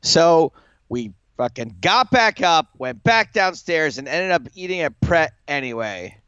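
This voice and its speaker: A man's voice: a little high, unhurried, clean tone, no room sound, highs cut off. A man co-hosting a poker podcast in casual chat, telling stories with lots of filler words. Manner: chatty, lots of filler likes, animated retelling. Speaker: poker show co-host.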